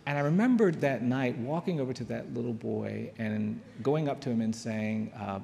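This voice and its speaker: Earnest male speaker, slow storytelling delivery, gravelly timbre, reverberant hall. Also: mid-range voice, darkish tone, slight background noise. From United States. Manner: earnest, with long pauses and repeated phrases. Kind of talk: storytelling talk. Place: large hall.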